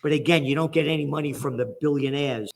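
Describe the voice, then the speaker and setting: A man's voice: fairly high pitch, fast talker, creaky. A man from the Bronx with a New York accent, a guest giving fired-up, angry political commentary.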